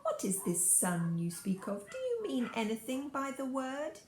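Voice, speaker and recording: A cunning witch queen with a soft, cooing voice, put on by a woman reading aloud. She speaks slowly and low, and the room adds a noticeable echo. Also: sing-song. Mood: soft coaxing.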